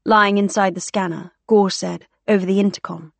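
A woman's voice: medium pitch, fairly even intonation, moderate pace, gravelly, hardly any pauses, no echo. Woman narrating an audiobook. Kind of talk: scripted narration.

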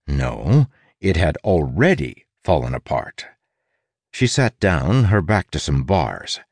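Male audiobook narrator, deep voice, playful and wry, dry booth sound. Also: sing-song, slow pace, husky, no room sound. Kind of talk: scripted narration.

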